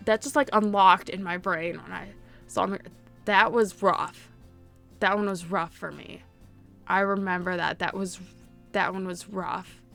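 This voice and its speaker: A woman vlogging in an easy, unscripted chat, her voice at a middle pitch. She gushes and stresses her words, with fillers everywhere. Faint music plays underneath. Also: steady tone, measured pace, vocal fry, a bit bright. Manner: gushing, emphatic, lots of fillers. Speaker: YouTuber. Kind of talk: casual fan chat to camera.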